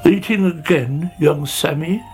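A storyteller voicing a slow, fussy old snail who scolds and tuts, in a storybook. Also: medium pitch, a little mellow, soft background music, pitched above the performer's own voice, natural voice. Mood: chiding. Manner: tutting and scolding. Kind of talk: storybook character voice.

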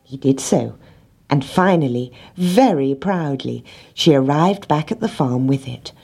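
A woman with a low, slightly husky voice reads a children's storybook aloud. Her intonation swings widely as she tells the tale gently, slipping into voices for the characters. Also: expressive, measured pace. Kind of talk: storybook reading.

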